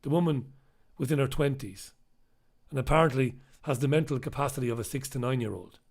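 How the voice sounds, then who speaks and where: A man's voice: mid-range voice, brisk, a little mellow. Impassioned man hosting a news review. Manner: impassioned and emphatic, repeats points for weight; blunt and swears in anger. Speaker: show host reviewing newspapers. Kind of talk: live solo commentary on the news.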